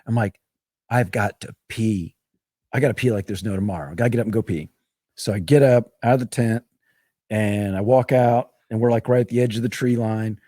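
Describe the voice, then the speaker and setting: A man's voice: fairly low pitch, fairly even intonation, a little fast, dark tone, no room sound, studio quality. A man telling a long, rambling, profane story in a casual podcast chat. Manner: rambling, profane, laughs through his own story.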